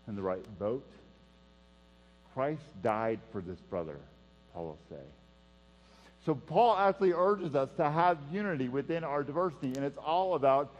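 A man preaching a sermon in an earnest style, repeating key phrases and dropping to a hush for emphasis. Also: medium pitch. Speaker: pastor. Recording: dull sound with long hall reverb and mains hum.

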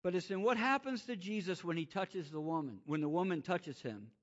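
A man preaching a sermon, swinging from loud, rising exclamations to quiet, hushed emphasis. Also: high-pitched, lively intonation, brisk. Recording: muffled lo-fi sound.

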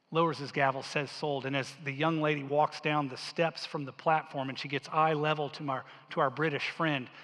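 A male pastor telling a story in a sermon with earnest, quiet intensity, dropping his voice low for quoted lines. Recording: long hall reverb.

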